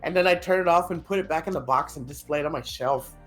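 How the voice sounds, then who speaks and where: A laid-back podcast co-host at a middle pitch, chatting casually and chiming in with jokes and the odd swear. Faint music plays underneath. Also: fast, a bit bright. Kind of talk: casual chat.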